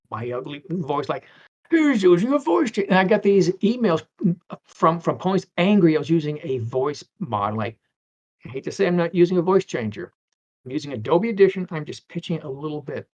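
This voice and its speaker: A man in his fifties, a guest animator, chatting casually in an interview and rambling with many restarts. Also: a little high. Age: 50s.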